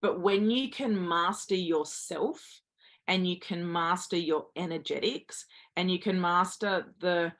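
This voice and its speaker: A woman's voice: fairly low pitch, slow, a bit bright. A woman guest giving earnest motivational advice, speaking directly to listeners as a confidence coach.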